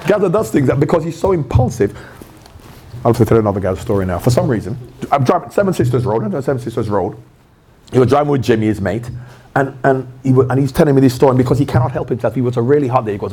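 Fast-talking man telling lively anecdotes. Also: mid-range voice, slight background noise. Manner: lively, acts out quotes, laughs often. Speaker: interview guest, former pro footballer. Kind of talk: animated anecdotal storytelling. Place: live event at a stadium venue.

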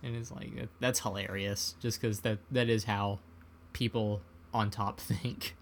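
A man's voice: lowish voice, flat delivery, unhurried, a little hiss or hum. A man in casual conversation, retelling movie scenes in a laid-back way. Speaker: podcast co-host. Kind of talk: casual film discussion.

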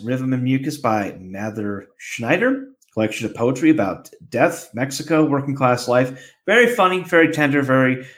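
A man's voice: mid-range voice, a bit bright. A man hosting a podcast, making rambling announcements and chatting casually. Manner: rambling announcements with many fillers and restarts. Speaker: podcast host.

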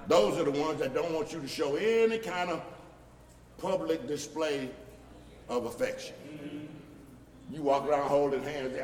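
A male pastor preaching a sermon, building from quiet explaining to loud shouted points and mocking the voices of critics. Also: fairly high pitch, moderate pace, pauses often, crowd noise. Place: church sanctuary. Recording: echoey hall from far off.

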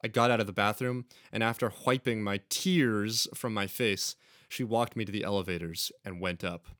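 Low-voiced man with dry teasing banter. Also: steady tone, moderate pace, a bit bright, no room sound. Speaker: podcast co-host. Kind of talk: casual chat and comic fanfiction reading.

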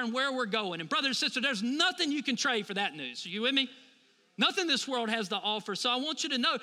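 A man's voice: extremely high pitch, sing-song, brisk, bright, forceful tone, long reverb tail. A man in his thirties preaching a sermon as a pastor, talking conversationally and asking the congregation for responses.

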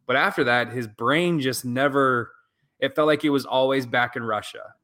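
Bright-voiced man on a sports podcast. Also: mid-range voice. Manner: restarts a lot, builds his point slowly. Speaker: podcast co-host. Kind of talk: casual sports chat.

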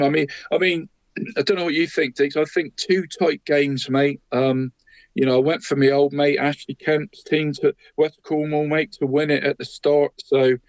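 A man talks through local football results in an easy, chatty podcast manner. His voice sits in a middle pitch, and he peppers his lines with "mate" and little chuckles. The sound is dry and close, with no room behind it. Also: dry recording, rough recording. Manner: chatty, tags nearly every line with 'mate', chuckles at his own jokes. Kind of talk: casual sports chat.

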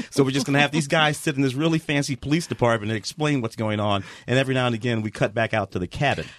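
A man's voice: mid-range voice, fast, dry recording. A man reviewing a film on a radio panel, wry and sarcastic. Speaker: film critic. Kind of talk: casual panel chat on radio. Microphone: studio microphone.

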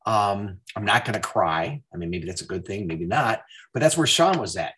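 A man's voice: fairly low pitch, normal speed, few pauses. A man hosting a casual interview, telling stories and acting out quoted dialogue. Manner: animated storyteller, acts out quoted dialogue. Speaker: podcast host.

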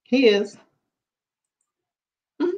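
A woman co-host in casual chat, teasing and blunt with quick banter. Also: darkish tone. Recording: dull, lo-fi audio.

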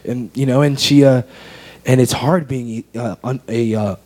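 Earnest young man, mellow voice. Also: mid-range voice, fairly even intonation, unhurried. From United States. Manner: earnest, heartfelt storytelling. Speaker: guest. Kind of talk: personal faith testimony in an interview.

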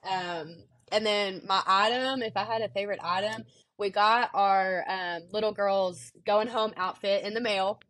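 A woman's voice: medium pitch, steady tone, unhurried, fairly bright tone. A young woman co-hosting a faith podcast, chatting casually and sweetly with many fillers. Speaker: podcast co-host. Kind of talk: casual chat.

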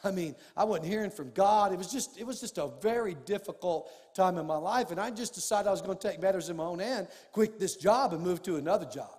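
High-voiced preacher in a reverberant hall. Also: male voice, a little fast, hardly any pauses. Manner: storytelling preacher, rising to emphatic shouts. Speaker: pastor. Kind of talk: sermon. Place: church sanctuary. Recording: long reverb of a church hall.

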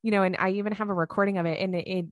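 A woman's voice: mid-range voice, steady tone, very fast, no room sound. A woman co-hosting a podcast, telling stories in a casual, chatty way with many fillers and acted-out quotes. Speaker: podcast co-host. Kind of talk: casual chat.

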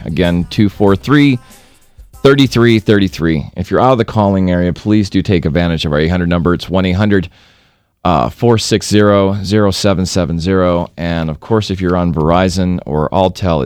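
A man's voice: low voice, darkish tone, clean tone, dry recording. A man hosting a call-in talk radio show, rambling with many restarts and fillers.

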